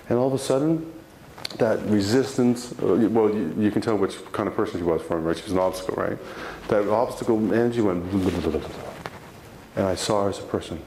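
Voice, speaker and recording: A man with a fairly low voice gives a motivational talk to a live audience. He tells his story with lively energy, acts out the bits he quotes, and often restarts his sentences. The sound is roomy, with a faint hiss behind it. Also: a little fast. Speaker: motivational speaker. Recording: roomy hall sound, faint background noise.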